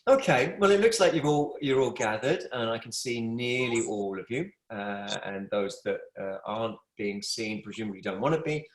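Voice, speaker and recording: Middle-aged yoga teacher, chatty and affectionate, mid-pitched, roomy home room sound on a video call. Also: male voice, normal speed, hardly any pauses. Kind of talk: live online yoga class. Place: room at home with a wood stove.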